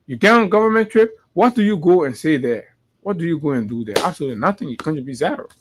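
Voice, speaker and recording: A man's voice: on the high side, animated, fast talker. A man with a Liberian English accent hosting a morning show, giving impassioned political commentary and repeating phrases for emphasis.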